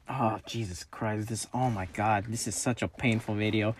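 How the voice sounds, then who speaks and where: Excitable young-sounding gaming commentator man. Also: medium pitch, normal speed, hardly any pauses, slight background noise. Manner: excitable, swings between mumbling and yelling; casual slangy chatter to viewers. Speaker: mobile game streamer. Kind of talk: gameplay commentary.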